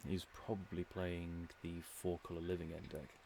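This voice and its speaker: Deep-voiced English man musing aloud. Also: little pitch movement, moderate pace, gravelly, warm tone, a little hiss or hum. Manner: musing, rambling, dry humour. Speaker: streamer. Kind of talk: casual commentary while playing.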